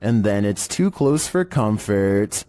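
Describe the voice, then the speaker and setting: A man narrating creepy internet videos in a steady, monotone scripted delivery. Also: lowish voice, takes it slowly, noisy background.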